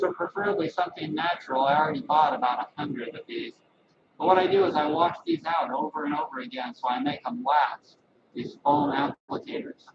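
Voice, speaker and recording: A man's voice: sits high, gravelly. A man who works as a massage therapist, talking casually and rambling to his webcam at home. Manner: rambling, animated, folksy asides. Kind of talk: casual vlog talk to camera. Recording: echoey lo-fi webcam audio from a distance with loud background noise.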